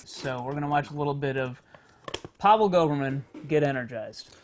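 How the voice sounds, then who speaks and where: A man's voice: on the high side, moderate pace, background noise. A man co-hosting, explaining video clips in a chatty way. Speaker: co-host presenting clips. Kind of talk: casual explanation.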